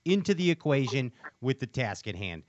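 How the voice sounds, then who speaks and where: A man co-hosting a bass fishing talk show, chatting casually with many restarts. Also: big pitch swings, normal speed, dry recording, highs cut off. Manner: rambling, frequent restarts and laughs. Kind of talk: casual chat.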